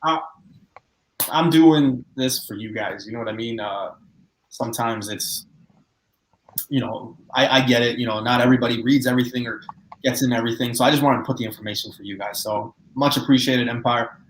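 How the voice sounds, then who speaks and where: A man's voice: mid-range voice, brisk. Man, podcast host, casual chat, filler-heavy, roomy echo, faint hiss. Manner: loose, chatty, full of fillers. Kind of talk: casual live-stream chat. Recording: echoey room with faint noise.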